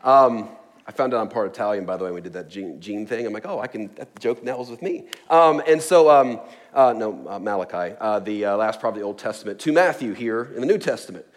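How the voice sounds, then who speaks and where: A man's voice: on the low side, animated, fast talker. A man preaching a sermon in a casual, joking way, with chuckles, asides and many fillers. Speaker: pastor.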